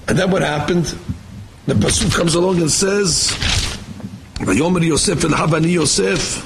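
A high-voiced man with a gravelly edge teaches a Torah sermon. He fires rhetorical questions and rattles off quotes at speed. There is a faint hiss under the voice. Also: fast talker, pauses often. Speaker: rabbi giving a Torah class. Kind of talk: Torah sermon mixing English and Hebrew.

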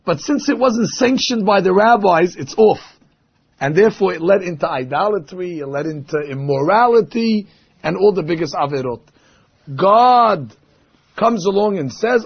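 A man's voice: high voice, animated, a little slow, breathy edge. A man giving a Torah lesson, telling stories and acting out the voices he quotes with big jumps in tone. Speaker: Torah teacher. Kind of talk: sermon with storytelling. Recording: dull lo-fi recording.

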